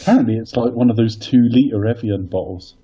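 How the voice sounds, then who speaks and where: A man's voice: mid-range voice, dark tone, breathy edge, lo-fi sound. An English man co-hosting a podcast, in a casual, rambling, joking chat. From Britain. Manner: bawdy, rambling, quick to joke. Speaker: podcast co-host.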